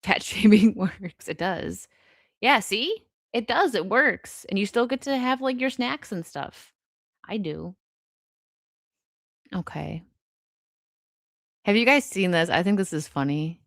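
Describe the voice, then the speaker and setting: A woman's voice: mid-range voice, animated, no echo, clean studio sound. Chatty young woman streaming live. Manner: chatty, laughs often, rapid asides and restarts. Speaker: streamer host reading chat. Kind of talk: casual live-stream chat.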